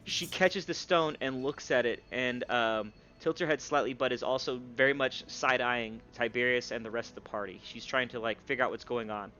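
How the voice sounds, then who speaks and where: A man narrating as game master, halting and searching for words as he voices a dwarf king. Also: mid-range voice, sharp tone. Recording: slightly dull stream audio with faint hum.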